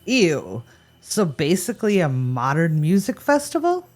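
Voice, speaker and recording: Animated woman podcast co-host. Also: lowish voice, a little slow. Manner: animated, playful storytelling with jokey asides. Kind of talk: scripted podcast banter.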